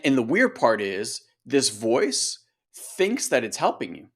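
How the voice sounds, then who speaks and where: Brief: male coach, conversational and lively, middle pitch, explaining with examples. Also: unhurried, slightly rough. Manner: animated, acts out voices, conversational. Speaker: coach and co-host. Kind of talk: casual coaching podcast talk.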